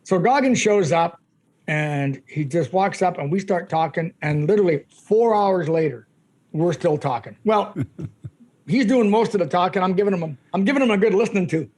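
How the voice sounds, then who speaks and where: High-voiced man telling stories. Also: animated, normal speed, a little mellow. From Canada. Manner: chatty, laughs often, frequent fillers. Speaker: guest, ultramarathon runner. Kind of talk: casual storytelling.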